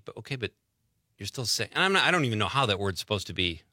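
Bright-voiced Wisconsin radio host. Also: male voice, mid-range voice, very animated, fast talker, dry recording, clean studio sound. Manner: chatty, reads listener messages aloud. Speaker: radio talk show host. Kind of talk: casual radio chat. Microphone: studio mic.

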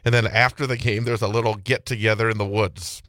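A man from Wisconsin hosts morning talk radio in a low voice, rambling easily between topics with plenty of fillers. The sound is close and dry, a studio microphone. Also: fairly even intonation, fairly quick, fairly bright tone, no echo. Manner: chatty, rambling, many fillers and restarts. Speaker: radio talk show host. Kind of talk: casual talk radio chat.

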